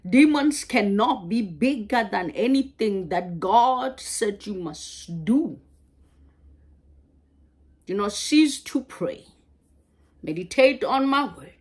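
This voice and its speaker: Slow husky woman preacher. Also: mid-range voice, lively intonation, a little mellow. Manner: slow, halting preaching with repeated words. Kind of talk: sermon.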